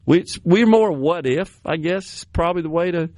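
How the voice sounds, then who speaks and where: A Southern American man in his sixties chats on a radio talk show, drifting from one memory to the next with frequent chuckles. His voice sits somewhat high, and the studio sound is dry and close. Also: expressive, moderate pace, a little mellow, no room sound. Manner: rambling, reminiscing, laughs often. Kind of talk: casual studio chat. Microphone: studio microphone.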